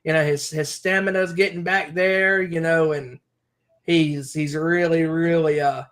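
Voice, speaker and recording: A man's voice: on the high side, fairly even intonation, unhurried, fairly bright tone. A man co-hosting a wrestling podcast, talking in a rambling, heartfelt way full of fillers. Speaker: podcast co-host. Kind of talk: casual chat.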